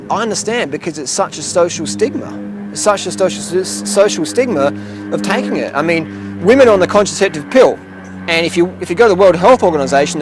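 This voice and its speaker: An Australian man from South Australia, a fitness vlogger ranting bluntly to camera with lots of swearing and rambling asides. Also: a little high. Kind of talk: casual rant to camera. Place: outdoors near a boat, urban.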